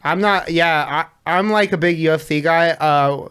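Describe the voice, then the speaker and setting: A relaxed young man chats as a podcast guest, his speech full of "like" and easy laughter. His voice is smooth and clear and sits a little high for a man. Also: normal speed. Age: young adult. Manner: laid-back, full of likes and laughs. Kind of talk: casual chat.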